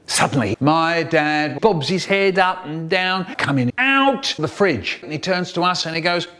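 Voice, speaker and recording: A man narrating a family story in an animated, theatrical storytelling manner, chopped into a comic mashup. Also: fairly high pitch, normal speed, few pauses.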